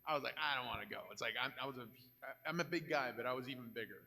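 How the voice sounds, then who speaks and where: Older guy at a con panel, joking and blunt, bright voice, big echoey hall. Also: medium pitch, very fast. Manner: candid, joking, animated anecdotes. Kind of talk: live panel storytelling. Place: convention panel room.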